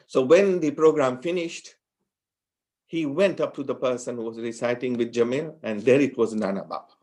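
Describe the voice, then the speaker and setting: A middle-aged man from Mombasa speaks at a memorial gathering. His tribute is heartfelt and halting, and he breaks off and restarts his sentences as the emotion comes through. His voice sits at an ordinary pitch. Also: a little mellow. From Mombasa, Kenya.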